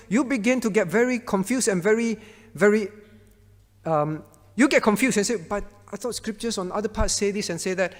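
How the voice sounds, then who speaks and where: High-voiced pastor teaching a class. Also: male voice, long reverb tail. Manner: questions the class by name, emphatic repetition.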